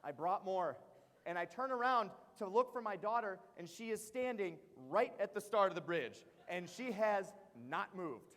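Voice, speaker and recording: Male presenter, 30s, high voice, animated storyteller with "uh" fillers, recorded in a reverberant hall. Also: moderate pace. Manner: animated, frequent "uh" fillers, asks the audience questions. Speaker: keynote speaker at teacher training. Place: large hall before an audience.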